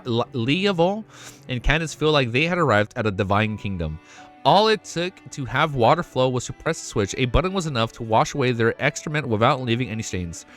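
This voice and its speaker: Animated man reading and reacting aloud. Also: mid-range voice. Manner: swears a lot, excitable outbursts between read passages. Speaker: webnovel reaction streamer.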